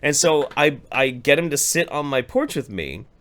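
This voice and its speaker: A man co-hosting a live-streamed podcast, telling a loose, animated story and slipping into voices for the people in it. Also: on the high side, moderate pace. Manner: animated, acts out voices in anecdotes. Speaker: podcast co-host. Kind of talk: casual storytelling chat. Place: home studio, live stream.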